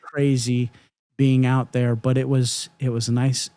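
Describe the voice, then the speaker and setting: A man's voice: medium pitch, flat delivery, slow pace, warm tone, clean tone. A man co-hosting a podcast, telling a story with lots of laughs and mimicked sounds. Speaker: podcast co-host. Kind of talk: casual storytelling chat.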